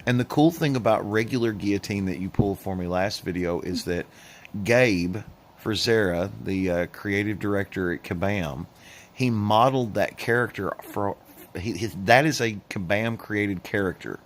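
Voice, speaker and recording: A man's voice: normal speed, slight background noise. A middle-aged man hosting a casual chat, jokey and teasing. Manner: jokey, teasing, playfully deep put-on voice. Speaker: host.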